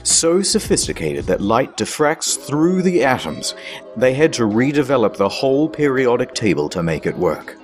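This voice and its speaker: Male narrator, mid pitch, animated, excited. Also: moderate pace, music in the background. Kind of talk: comedic scripted narration.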